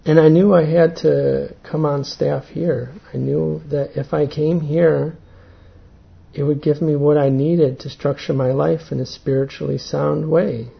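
Man, gravelly and husky, sharing his story in a halting, earnest way; slightly high voice, muffled lo-fi sound. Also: fairly even intonation. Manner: earnest, halting, many fillers. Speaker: speaker giving a talk. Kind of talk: personal testimony talk.

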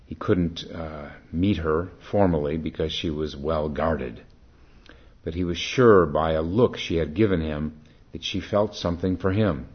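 Low, husky, slow-speaking male meditation teacher. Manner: calm, unhurried, reflective. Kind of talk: dharma talk with storytelling. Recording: dull lo-fi recording.

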